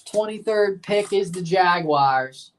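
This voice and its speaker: A man's voice: high voice, slow, distant mic, background noise. A man hosting a livestream, giving casual, offhand reaction commentary with muttered asides and casual swearing. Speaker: livestream host.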